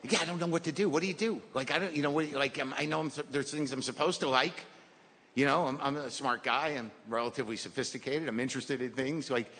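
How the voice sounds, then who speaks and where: A man's voice: mid-range voice, fast, fairly bright tone. A middle-aged man doing a stand-up routine on stage, rambling and self-deprecating. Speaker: stand-up comedian. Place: comedy venue stage. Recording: live hall reverb with audience.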